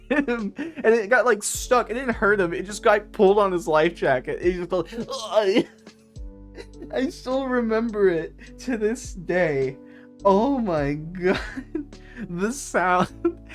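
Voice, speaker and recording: A woman livestreaming in casual chat, telling funny stories through fits of laughter and gushing shout-outs to viewers. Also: mid-range voice, expressive, measured pace, faint music behind. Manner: giggly, bursts into laughter while storytelling.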